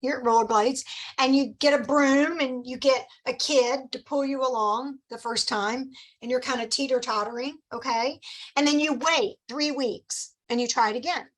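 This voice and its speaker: A middle-aged woman leads a team meeting with a bright, high-pitched voice. She coaches in an upbeat, encouraging way and slips into quick acted-out customer lines. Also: fairly even intonation, rough recording. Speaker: sales director leading a team meeting. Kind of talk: motivational team meeting talk.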